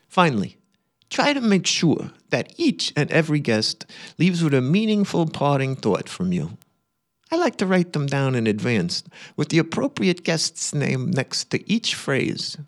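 A man voicing a blunt, controlling older uncle, reading out a letter of commands in a brash, loud voice. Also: mid-range voice.

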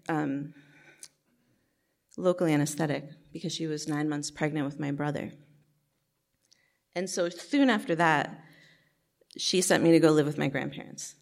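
A woman's voice: low-pitched, vocal fry. A middle-aged woman telling a personal life story to an audience in a candid, casual way, with many fillers. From New Jersey, USA.

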